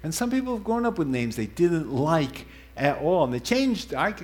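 A man preaching a conversational sermon, animated and digressive, often correcting himself mid-sentence. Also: fairly high pitch, normal speed.

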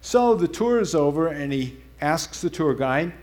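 A man preaching a conversational sermon, animated and digressive, often correcting himself mid-sentence. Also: a little high, measured pace.

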